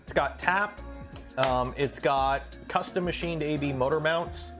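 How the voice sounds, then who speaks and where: A man's voice: on the high side, a little slow, music in the background. A man from Canada hosting a casual livestream, chatting with viewers and ranting animatedly about a pet peeve. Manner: chatty, reads chat aloud, rants animatedly. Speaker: livestream host.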